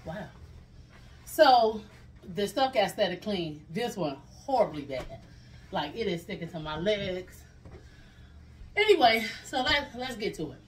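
A woman vlogger chatting casually through a clothing haul, animated and laughing often. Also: medium pitch, measured pace, pauses often, far from the mic.

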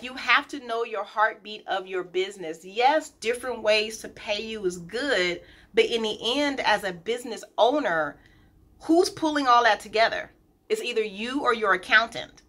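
A woman's voice: mid-range voice, bright, forceful tone. A woman business owner in a casual vlog, talking directly and emphatically, repeating her key points and addressing viewers informally. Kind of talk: casual motivational vlog talk.

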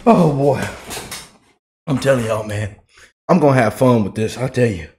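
A man's voice: medium pitch, lively intonation, moderate pace, darkish tone, a little hiss or hum. A man giving casual political reaction commentary, chatty and loose, laughing often and repeating himself.

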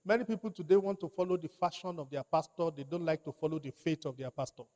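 A pastor preaches fast and emphatically, repeating phrases and prompting his congregation to respond. His voice runs on the high side with a darkish tone.

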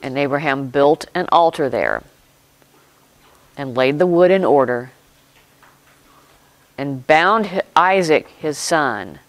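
A pastor preaching a sermon, retelling a scripture story in slow, deliberate short phrases with pauses and reflecting aloud. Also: mid-range voice, expressive, low-quality recording.

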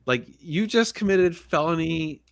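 A man's voice: fairly high pitch, a little slow, creaky. Laid-back rambling male livestream host. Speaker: podcast host. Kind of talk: casual livestream chat.

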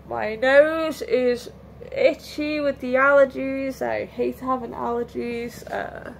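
A woman talks slowly and loosely from home in a casual vlog, worn out and given to restarts. Her fairly high voice has a gravelly edge, with a faint hiss underneath. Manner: rambling, candid, restarts often. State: tired, yawning. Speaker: vlogger. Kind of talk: casual lockdown vlog chat.

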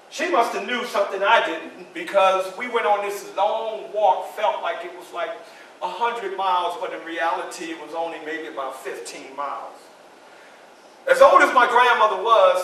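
A man's voice: sits high, bright, forceful tone, slight background noise. An actor playing an earnest, grave formerly enslaved man in a theatrical first-person monologue, with emphatic storytelling and dramatic repetition. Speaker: historical reenactor. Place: library event room. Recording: echoey room from a distant camera.

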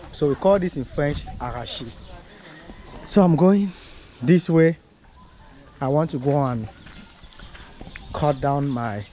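A man's voice: medium pitch, a little mellow. A man talking casually to his camera while walking outdoors, rambling and repeating himself as he vlogs. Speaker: vlogger. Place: outdoors on a street. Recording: noisy outdoor street recording.

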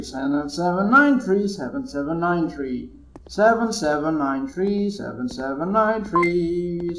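A man's voice: high voice, reverberant, noisy background. A man commentating his own horror gameplay, jumpy and muttering curses to himself. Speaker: gamer playing a horror game.

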